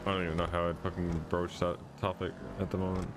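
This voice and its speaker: A man's voice: deep voice, flat delivery, quick pace, noisy background. A man chatting casually in character during a roleplay stream, hesitant and swearing offhandedly.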